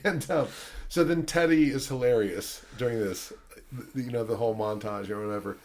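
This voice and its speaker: At normal speed and with a mid-pitched voice, this male podcast host keeps a film discussion casual. He rambles with fillers, curses freely, and acts out quotes in animated voices while retelling a story.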